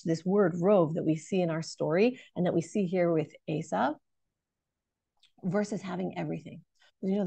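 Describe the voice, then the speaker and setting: A woman's voice: medium pitch, creaky, no echo. A woman in her thirties giving an online Torah lesson, asking questions and restarting her sentences as she thinks aloud. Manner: animated, questioning, many fillers and restarts. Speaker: Torah teacher.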